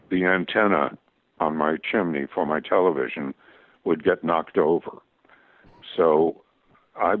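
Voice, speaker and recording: Older man, deep gravelly voice, halting storyteller, tinny radio sound. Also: no echo. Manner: halting, full of restarts and fillers. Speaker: guest cartoonist. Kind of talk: interview storytelling. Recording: tinny phone-like radio audio.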